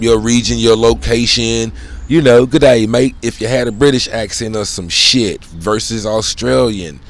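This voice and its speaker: Low-voiced man rambling casually. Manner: rambling, loose slang, frequent "you know what I'm saying"; profane, conversational. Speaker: solo channel host. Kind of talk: casual spoken monologue.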